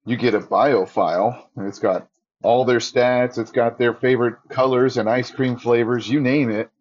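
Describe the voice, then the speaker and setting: A man's voice: medium pitch, steady tone, normal speed, a little mellow, muffled recording. A man, a ring announcer, telling stories in a casual interview and acting out his own quotes with a raised voice.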